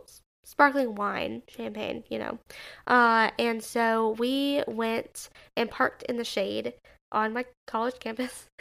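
A young woman in her twenties tells a story in a loose, chatty way, full of "like" and "you know," with bursts of giggles. Her voice sits a little high and has a gravelly fry at the ends of phrases. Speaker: recent college graduate. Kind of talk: casual storytelling vlog.

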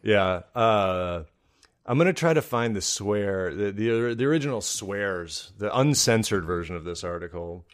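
A man's voice: on the low side, expressive, unhurried. A man co-hosting a comedy podcast, chatting casually and rambling with frequent laughs. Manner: joking, rambling, laughs often. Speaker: podcast co-host.

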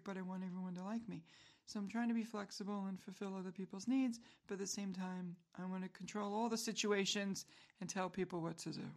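A woman's voice: mid-range voice, darkish tone. A middle-aged woman hosting a solo podcast, rambling through a casual monologue with self-mocking humor and frequent chuckles. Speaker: podcast host.

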